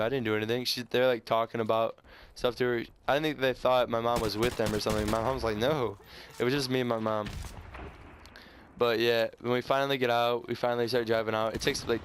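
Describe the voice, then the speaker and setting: A teenage boy rambles through a story while he plays a shooter, tripping over his words and restarting often. His pitch sits mid-range, and faint game gunfire pops underneath. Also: a little hiss or hum. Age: teens. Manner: rambling, halting, many restarts and stutters. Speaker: gaming YouTuber. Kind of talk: casual storytelling over gameplay. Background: video game gunfire.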